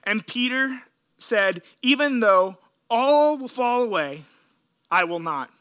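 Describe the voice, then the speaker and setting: A man preaching a sermon, retelling scripture in an earnest, emotional way with dramatic pauses. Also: very high-pitched, lively intonation, sharp tone, smooth. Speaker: pastor.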